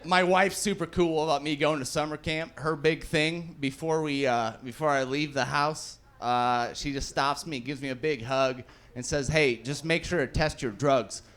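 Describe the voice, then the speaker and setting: Guy doing stand-up at a club, kinda high voice, loose and sweary, does little voices for people in his bits. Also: fairly even intonation, moderate pace, hardly any pauses, a bit bright. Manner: casual, swearing, acts out quotes. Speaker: stand-up comedian. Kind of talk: stand-up set. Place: comedy club stage with live audience.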